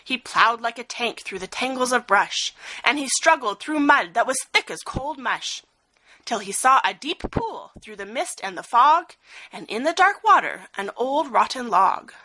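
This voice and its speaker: Expressive woman reading a rhyming storybook. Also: on the high side, measured pace, poor audio. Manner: expressive, sing-song rhythm.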